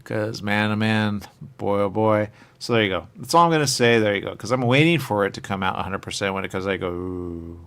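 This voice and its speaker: A man's voice: fairly low pitch, a little fast, fairly bright tone, clear, resonant tone. A man hosting a radio show, rambling in casual chat, trailing off and coming back to the same stock phrases. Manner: rambling, trails off, repeats "there you go".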